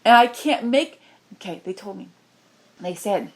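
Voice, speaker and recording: Her delivery is animated yet unhurried as this woman passes on a channeled spiritual message. She pleads with passion, swinging between soft murmurs and soaring cries.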